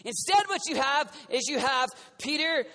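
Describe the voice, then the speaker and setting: High, bright-voiced male preacher. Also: normal speed. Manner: animated storytelling, conversational. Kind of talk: sermon. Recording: long reverb of a large hall.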